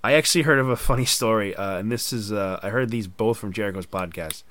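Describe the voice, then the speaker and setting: A man's voice: on the low side, quick pace, a bit bright, dry recording. A man hosting a casual podcast chat, telling stories animatedly and acting out quoted voices. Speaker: podcast host.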